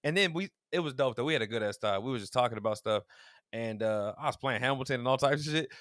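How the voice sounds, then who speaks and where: A man's voice: medium pitch, quick pace, no room sound, clean studio sound. A man co-hosting a podcast, telling stories in casual chat and acting out the quotes he tells. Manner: animated storytelling, acts out quotes, laughs often. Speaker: podcast co-host.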